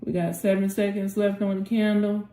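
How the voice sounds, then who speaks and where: A woman's voice: medium pitch, flat delivery, moderate pace, dark tone. A woman hosting a live trading session, calling out prices and urging the chart on with short prayers and terms of endearment. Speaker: trading channel host. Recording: roomy echo with faint music.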